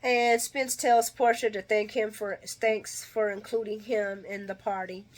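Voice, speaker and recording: A woman giving a casual soap opera recap, chatty and opinionated, her voice jumping between loud bursts and low asides. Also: little pitch movement, a little slow.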